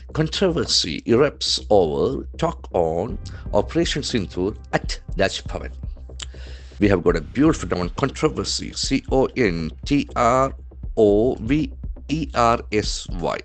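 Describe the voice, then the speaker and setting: An English trainer with an Indian English accent and a voice on the low side teaches vocabulary taken from the news. He spells the words out letter by letter, repeating each one with heavy stress.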